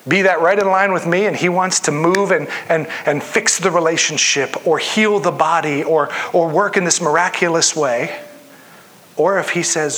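Earnest preacher, a man with a higher voice. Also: moderate pace, fairly bright tone, a little hiss or hum. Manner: earnest, reads scripture aloud and acts out quoted voices. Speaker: pastor. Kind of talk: sermon.

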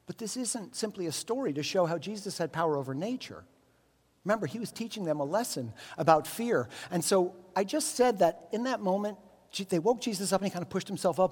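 A man preaching a sermon, voice pitched a little high, spinning stories with playful jokes. The sound rings out with a long reverb, as in a big hall. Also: brisk, slightly rough. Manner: lively storytelling with jokey asides. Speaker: pastor.

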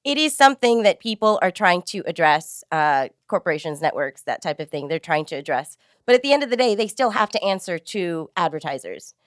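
Woman guest, casting director, relaxed and candid, slightly low voice, dry mic. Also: a little fast, dry recording. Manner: relaxed, laughs easily, candid. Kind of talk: casual interview chat.

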